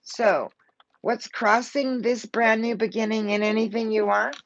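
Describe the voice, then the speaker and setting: A woman's voice: a little high, steady tone, unhurried, dull audio. A woman giving a live tarot reading, blunt and fired up, swearing freely as she talks. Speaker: tarot reader.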